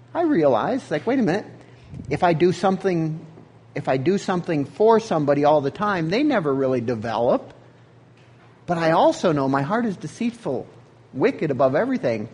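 A man's voice: high voice, a little mellow, slightly rough. A man preaching a sermon as pastor, in an earnest, conversational way.

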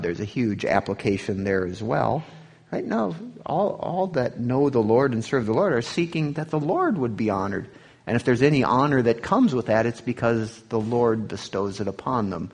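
A man teaching a sermon, reading scripture aloud with swelling emphasis and dropping low for asides. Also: lively intonation, normal speed, darkish tone, breathy edge. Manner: rises in pitch and volume on quoted scripture, drops low on asides. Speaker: pastor teaching a Bible study.

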